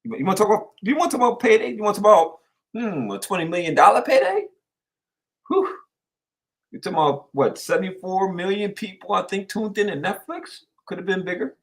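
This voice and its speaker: Male sports co-host, fairly high voice, animated rambling storyteller. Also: fast. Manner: animated storyteller, repeats himself, lots of fillers. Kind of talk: casual sports chat.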